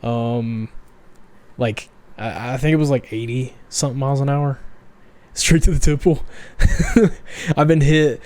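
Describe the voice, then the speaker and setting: A young man talks casually as a podcast co-host, hesitant and halting, and fills his pauses with ums. His voice sits at an ordinary middle pitch for a man. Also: fairly even intonation, darkish tone. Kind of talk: casual chat.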